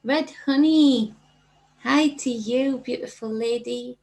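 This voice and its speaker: A woman's voice: on the high side, slow pace, darkish tone, poor audio. A middle-aged woman with a Geordie accent hosting a casual livestream as a spiritual coach, reading out viewer comments and greeting people by name in an affectionate, chatty way. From North East England.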